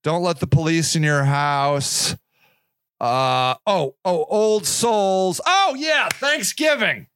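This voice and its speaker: Rambling high-voiced male podcaster. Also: animated, takes it slowly, a bit bright, slight background noise. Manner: rambling, profane, self-interrupting. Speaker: podcast host. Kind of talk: rambling solo podcast monologue.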